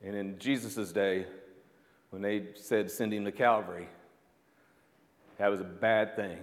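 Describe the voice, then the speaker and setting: A man's voice: on the low side, fairly even intonation, measured pace, big-room sound. A man preaching a sermon as pastor, conversational, with asides, fillers and calls of "amen" to the congregation.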